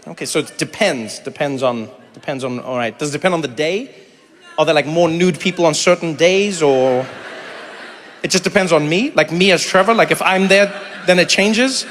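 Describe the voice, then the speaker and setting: Man, stand-up comedian, teasing crowd work, high voice, bright tone, faint room ambience. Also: big-room sound, slight background noise. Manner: playful, teasing, quick asides. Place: live theater stage.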